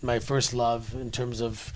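A man's voice: medium pitch, level tone, measured pace, a little hiss or hum. A man in his forties from Canada, a former wrestler, telling stories in a casual interview at a convention and restarting his sentences often. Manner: chatty storyteller with many restarts. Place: wrestling convention in New York.

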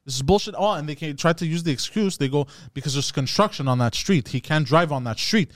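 A man with a slightly high voice tells a long story to his friends in loose, casual chat. He swears freely, acts out the other people in the story, and laughs his way through it. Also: lively intonation, a little fast, no echo, studio quality.

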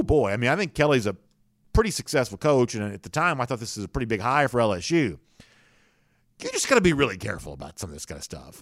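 A man's voice: mid-range voice, a bit bright, no room sound, studio quality. A man hosting a sports talk show, giving casual, opinionated commentary with frequent fillers and restarts.

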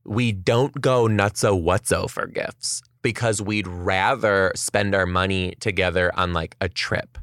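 A woman's voice: rumbling low, measured pace, few pauses, no echo, clean studio sound. A young woman podcast host telling a story in casual chat, acting out what people said and swearing freely. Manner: animated storytelling, acts out quotes, swears.

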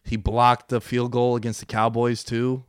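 An animated young man talking sports in a casual chat, his voice jumping from loud excited bursts down to low mutters. He sits close to a dry podcast mic, with no room sound around him. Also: normal speed, clean tone, dry recording.

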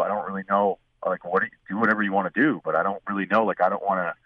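A man on a tinny, phone-like line, his voice sitting a bit low. He is a guest telling a rambling story and acting out other people's lines. The sound is dry and close. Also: dry recording. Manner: rambling anecdote with acted quotes. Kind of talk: casual storytelling.

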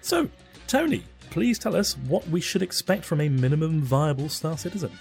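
A man moderating a podcast with a dry, wry humor. His voice sits slightly high, and faint music plays behind him. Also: big pitch swings, normal speed, darkish tone. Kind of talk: casual chat.

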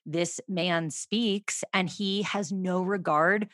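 Low-voiced woman giving political take. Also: fairly even intonation, slow pace, fairly bright tone, no room sound. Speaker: political strategist guest. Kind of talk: casual political discussion.

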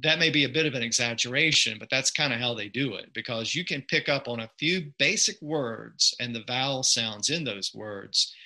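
A man's voice: medium pitch, pushed and bright, rough recording. A man with a Southern US accent, a podcaster and lawyer, explaining things patiently and precisely as an interview guest.

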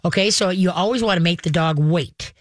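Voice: medium pitch, brisk, no room sound. Chatty radio dog trainer, dry close sound. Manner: chatty, step-by-step instructions, acts out dog and owner voices. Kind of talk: call-in radio advice.

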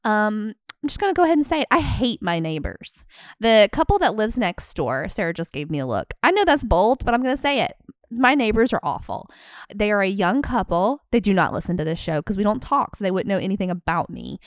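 Candid, animated woman podcast co-host. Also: medium pitch, brisk, dry recording, clean studio sound. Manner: candid, animated, acts out quoted reactions. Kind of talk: casual chat. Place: podcast studio.

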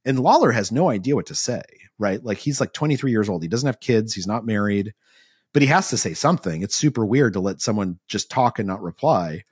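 A middle-aged man spins an anecdote with lots of rise and fall in his voice, voicing the people he quotes and scattering fillers through his sentences. His tone is a little husky, and the recording is close and dry. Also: fairly low pitch, brisk, dry recording. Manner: lively anecdotal storyteller, acts out quotes, many "like" fillers. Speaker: author guest. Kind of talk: animated storytelling in a podcast interview.

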